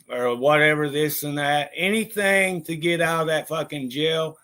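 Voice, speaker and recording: A man's voice: a little high, normal speed, hardly any pauses, sharp tone. Laughing, foul-mouthed man chatting. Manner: profane, laughs a lot, rambling. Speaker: vlogger. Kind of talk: casual chat.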